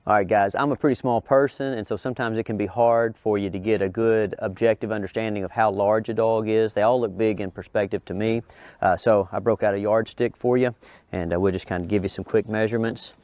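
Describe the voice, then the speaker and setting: A middle-aged man, a dog trainer, explains to viewers and coaxes a big dog over an agility course with high, excited praise. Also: brisk, no echo. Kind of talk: instructional talk while coaching a dog.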